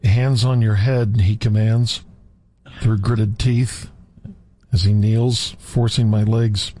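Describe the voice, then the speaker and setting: A man's voice: fairly low pitch, fairly even intonation, takes it slowly, mellow. An older man reading a novel aloud in a mock-prim, scandalized tone that keeps slipping into laughter. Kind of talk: comic dramatic reading.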